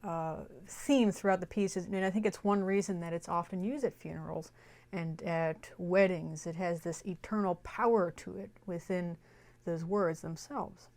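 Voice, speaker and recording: A woman's voice: fairly low pitch, steady tone, moderate pace, darkish tone. A young woman teaching a music lesson, explaining a melody and singing short phrases to illustrate it. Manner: explains then sings phrases. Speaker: music educator. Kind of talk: music lesson with sung examples.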